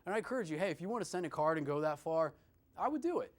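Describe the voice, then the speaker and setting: A man from a college career office giving students interview advice, animated and calling them "guys" with lots of "you know" fillers. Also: a little high, rapid-fire. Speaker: career services presenter. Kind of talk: instructional talk to students.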